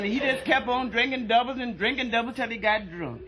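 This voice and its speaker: A woman telling bawdy jokes as a stand-up comedian, brassy and shouting her punchlines. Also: a little high, a little fast, a crowd in the background.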